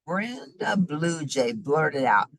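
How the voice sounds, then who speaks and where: Animated low-voiced woman reading a story. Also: slow, no room sound, rough recording. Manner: animated, sing-song reading. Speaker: storybook reader. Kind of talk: children's story read aloud.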